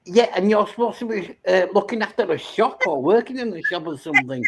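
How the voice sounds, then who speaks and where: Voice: medium pitch, fairly quick, creaky, slightly rough. A speaker chatting on a stream, telling stories loosely, swearing and laughing often. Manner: swears freely, laughs often, lively storytelling. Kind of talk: casual chat, reminiscing.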